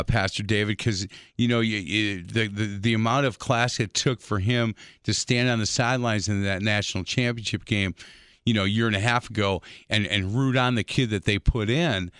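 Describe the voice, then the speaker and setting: A man hosting a radio show, a former high school basketball coach, who talks in a jovial, teasing way with many restarts. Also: fairly bright tone, no echo, studio quality. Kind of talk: casual radio chat.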